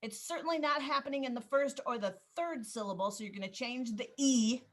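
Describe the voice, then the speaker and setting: A woman's voice: high voice, brisk. Patient woman teaching over a video call. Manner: patient, step-by-step explaining; calls on students gently. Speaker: Spanish teacher. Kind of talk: online class instruction.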